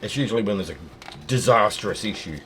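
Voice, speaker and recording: A man's voice: on the low side, brisk, a bit bright, a little hiss or hum. A man, hosting a fluid art video and trading jokes and teasing banter with a friend while painting. He is hot and tired, and laughs often. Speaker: fluid art channel host.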